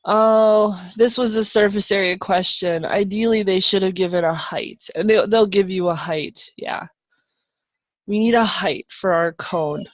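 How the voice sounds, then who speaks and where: A young woman teaching math live over a video call speaks a little slowly at medium pitch, with fairly even intonation. She's encouraging and upbeat, chats with her students in asides, and the video call mic gives a dry recording.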